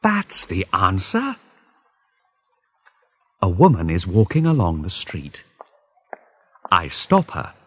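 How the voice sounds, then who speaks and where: Slow, husky male storyteller. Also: deep voice, huge pitch swings, fairly bright tone. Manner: deliberate, clearly spaced phrasing. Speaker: reader. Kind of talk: slow graded-reader story narration for learners.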